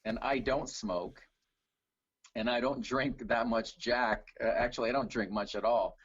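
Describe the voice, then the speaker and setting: Husky-voiced man telling stories casually. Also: medium pitch, unhurried, no room sound, highs cut off. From Canada. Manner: relaxed storytelling with fillers. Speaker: guest, tribute singer. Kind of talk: casual video call interview.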